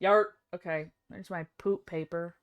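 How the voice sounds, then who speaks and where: A young woman live streamer chatting casually, excitable and self-deprecating. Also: on the low side, unhurried, clear, resonant tone, dull audio.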